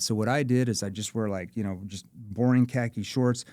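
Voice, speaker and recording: Man, sales trainer type, lively and demonstrative, mid pitch, dry close-miked sound. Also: a little fast, hardly any pauses, dry recording. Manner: demonstrative, acts out tones of voice. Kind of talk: animated instructional chat.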